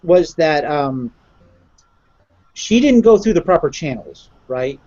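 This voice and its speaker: A man's voice: a little high, sing-song, takes it slowly, dark tone, dull audio. A man co-hosting a casual podcast, blunt, cutting in to clarify and swearing freely. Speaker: podcast co-host. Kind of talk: casual discussion.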